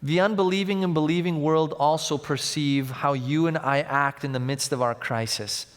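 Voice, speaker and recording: Male pastor, slightly higher voice, church reverb, dramatic storytelling sermon. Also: moderate pace. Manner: storytelling, swings from loud to hushed. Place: large church. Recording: long church hall reverb.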